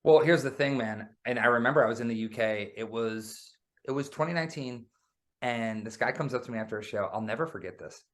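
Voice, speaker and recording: A man being interviewed about his music, telling stories in a lively, casual way and often calling the host "man". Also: mid-range voice, brisk. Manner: animated storyteller, says "man" often. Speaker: guest musician.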